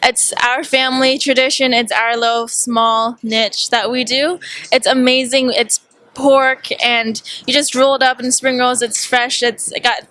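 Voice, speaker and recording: A woman's voice: high voice, level tone, unhurried, bright, forceful tone. A woman hosting a casual chat, bubbly and gushing with enthusiasm. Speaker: host.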